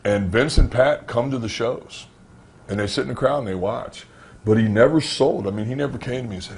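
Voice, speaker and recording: A man, a former pro wrestler, telling backstage stories in a candid interview, animated and conversational, acting out the exchanges he recounts. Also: mid-range voice, fairly quick, slight background noise. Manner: animated, acts out dialogue in anecdotes; frequent fillers and restarts, conversational. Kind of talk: storytelling shoot interview.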